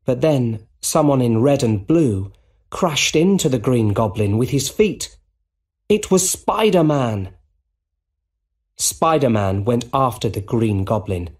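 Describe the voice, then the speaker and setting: Man narrating slowly and deliberately. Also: mid-range voice, a little mellow. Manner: plain and deliberate. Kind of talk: slow scripted narration for English learners.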